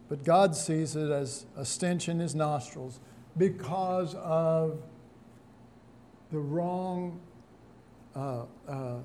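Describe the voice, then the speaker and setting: A man with a high, mellow voice teaching a Bible study at an unhurried pace. He muses aloud, halting and restarting his sentences as he works verse by verse, with a faint hiss of noise behind him. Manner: musing, halting, with many restarts.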